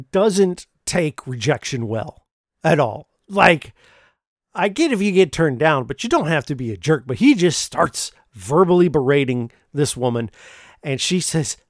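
A man's voice: fairly high pitch, no echo, clean studio sound. A man hosting a podcast, recapping a film in a casual, joking way with frequent restarts. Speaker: podcast host reviewing films.

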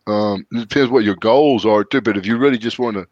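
A man's voice: on the low side, brisk, dry recording. Man, podcast host, folksy rambling storyteller, dry and dull lo-fi audio. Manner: folksy, rambling storyteller with lively quoted voices. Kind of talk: casual chat, storytelling.

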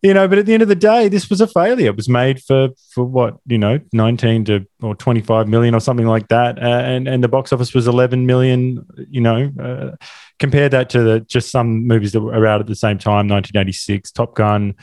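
A man's voice: medium pitch, fairly even intonation, brisk, a little mellow, dry recording, studio quality. A man co-hosting a film podcast, talking enthusiastically in a rambling way with frequent restarts. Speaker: podcast co-host. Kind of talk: casual film discussion.

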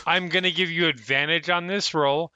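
A man's voice: fairly high pitch, sharp tone, clean tone. A man running a tabletop game as dungeon master, narrating with amusement and frequent laughs.

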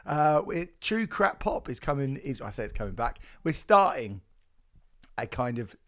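A middle-aged man with a croaky, hoarse voice co-hosting a music podcast, joking and teasing in casual banter. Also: medium pitch, big pitch swings, normal speed, fairly bright tone. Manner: jokey, self-mocking banter with laughs. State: hoarse, recovering from lost voice. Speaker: podcast co-host. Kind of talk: casual chat.

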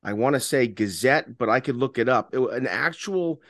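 A man's voice: mid-range voice, animated, moderate pace, fairly bright tone, dry recording, studio quality. A man from Maryland co-hosting a casual political podcast, talking conversationally with many fillers. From Maryland, USA. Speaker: podcast co-host.

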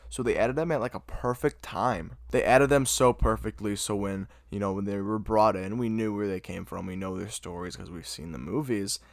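Young guy raving about a movie, lowish voice, dead dry sound. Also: no room sound. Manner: gushing, animated, says "dude" and "oh my God". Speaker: movie fan reviewer. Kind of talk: excited casual movie recap.

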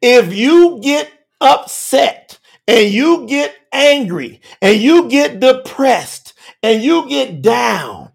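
High, gravelly shouting preacher man. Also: sing-song, takes it slowly, few pauses. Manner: emphatic, swings between shouting and low asides. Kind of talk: sermon.

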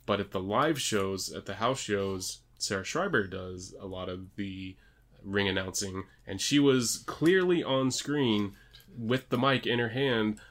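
Chatty podcast man, fairly low voice. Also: a bit bright. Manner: chatty, laughs while telling stories. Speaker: podcast co-host. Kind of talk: casual chat.

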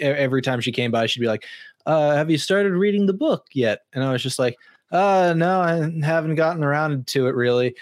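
A man's voice: medium pitch, no room sound, clean studio sound. A young man co-hosting a casual podcast, telling stories with lots of fillers and restarts. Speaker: podcast co-host. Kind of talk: casual chat.

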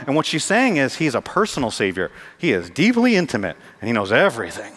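A man preaching a sermon as pastor, animated and jokey, acting out scenes for his congregation in a church. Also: a little high, fast talker, few pauses. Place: church sanctuary. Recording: long hall reverb.

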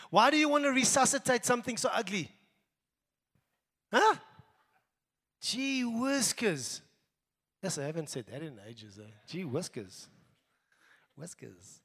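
A middle-aged South African man preaching a sermon as pastor, emphatic, moving between raised exhortation and quiet asides. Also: sits high, long reverb tail. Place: church.

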